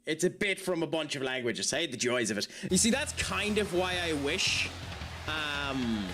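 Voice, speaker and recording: Male streamer, high voice, chatty and self-mocking, game music under. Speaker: game streamer reading chat. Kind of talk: casual live-stream chat.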